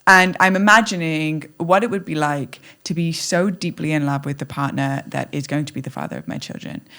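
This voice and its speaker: A woman talking as a podcast guest in an animated, playful way, acting out little scenes as she speaks. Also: sits low, fairly quick. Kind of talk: conversational interview.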